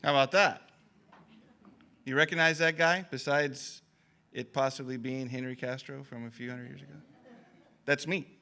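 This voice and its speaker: A man talking through local history at a conference in a loose, folksy way, with plenty of fillers. His voice is bright and forward at a middling pitch. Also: steady tone, moderate pace, gravelly, pauses often. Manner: chatty, folksy, self-deprecating, with fillers. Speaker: conference speaker. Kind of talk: casual history talk. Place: conference hall.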